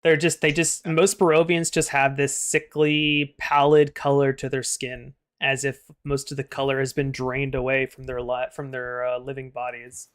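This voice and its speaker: A man's voice: mid-range voice, flat delivery, moderate pace, hardly any pauses, fairly bright tone, smooth. Chatty man running a tabletop game. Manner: descriptive, chatty with fillers. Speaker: game master.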